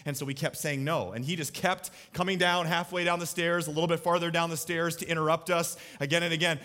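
This clip features a pastor in his thirties addressing a live church audience with a conversational sermon, asking them questions and telling family anecdotes. His fairly bright voice is a little high and a little fast, with few pauses.

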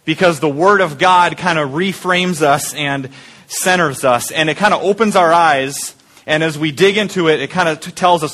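A man's voice: a little high, bright, forceful tone. A man preaching a conversational sermon as pastor, often repeating words and asking the congregation questions. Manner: halting with frequent repeated words.

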